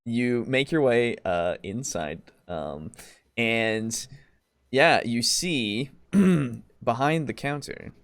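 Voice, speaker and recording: Man, game master, animated pitch, halting speech with many fillers, dry recording. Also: clean tone, no echo. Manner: hesitant, many fillers and restarts. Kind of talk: narrating a tabletop game.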